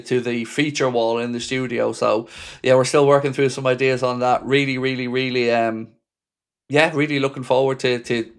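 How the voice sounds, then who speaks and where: A man hosting a fan live stream, chatting casually, reading viewer comments out and answering each commenter by name. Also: mid-range voice.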